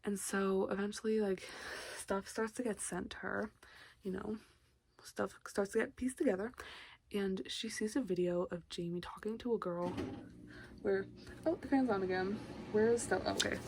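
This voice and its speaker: A young woman talks through a book's plot in a loose, chatty ramble, full of fillers and quick asides. Her voice has a gravelly fry to it. A fan hums clearly in the room behind her. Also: medium pitch. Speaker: book vlogger. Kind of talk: casual book summary to camera. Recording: noisy room with a fan running.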